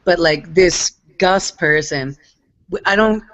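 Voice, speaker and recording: A woman's voice: on the low side, takes it slowly, a bit bright. A woman from Canada, rambling and swearing in an effusive way during a casual voice chat. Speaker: chat participant. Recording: lo-fi online voice chat.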